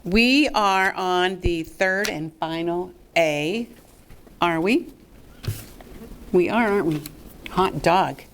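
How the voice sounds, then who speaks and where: A woman presenting a fundraising workshop to a live audience in a lively, chatty way. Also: fairly low pitch, slow pace, pauses often. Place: meeting room with a live audience.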